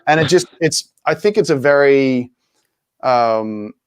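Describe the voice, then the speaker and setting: Casual guest: Australian man, laughs a lot, animated anecdotes, dry close sound. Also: mid-range voice, slow pace, clear, resonant tone, dry recording. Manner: laughs often, animated retelling of stories. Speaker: guest actor. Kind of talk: casual podcast chat.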